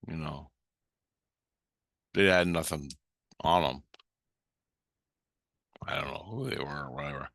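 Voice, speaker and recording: Deep-voiced man swearing through a story. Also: a little slow, vocal fry, pauses often, fairly bright tone, no echo, studio quality. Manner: profane, heated and blunt. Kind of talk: casual storytelling.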